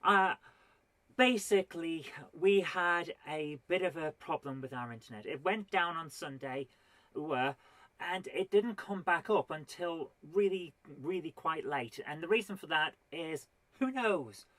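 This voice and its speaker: A woman's voice: low voice, animated, fairly bright tone, no echo. Dry, rambling woman comedian in a home office. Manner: rambling, self-deprecating and mock-serious, with drawn-out pauses. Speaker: stand-up comedian and channel host. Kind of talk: solo stand-up comedy to camera.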